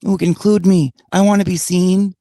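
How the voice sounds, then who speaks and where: A man's voice: high-pitched, level tone, normal speed, warm tone, no room sound, studio quality, pitched above the performer's own voice. A man voicing a clingy, whiny young woman who begs to be included, in a mocking tone.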